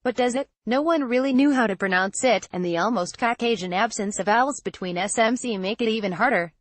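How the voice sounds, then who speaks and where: A woman narrating a trade-policy newsletter as scripted news, with a measured, even delivery. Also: fairly high pitch, no room sound.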